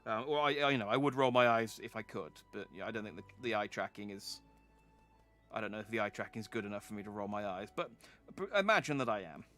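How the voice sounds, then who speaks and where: A man's voice: lowish voice, expressive, quick pace, a bit bright, soft background music. A man streaming a video game, chatting casually and rambling, often restarting his sentences. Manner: rambling, self-interrupting, chatty. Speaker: vtuber streamer.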